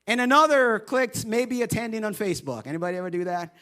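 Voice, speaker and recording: High-voiced pastor, joking sermon. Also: male voice, lively intonation, fast, bright, forceful tone. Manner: humorous, conversational storytelling.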